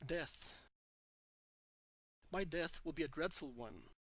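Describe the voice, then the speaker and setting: A man's voice: fairly high pitch, takes it slowly, fairly bright tone, breathy edge, no echo, exaggerated voice, low-quality recording. A man voicing a grieving, tender consoler. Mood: tender grief. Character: gentle, grieved male teacher consoling a friend.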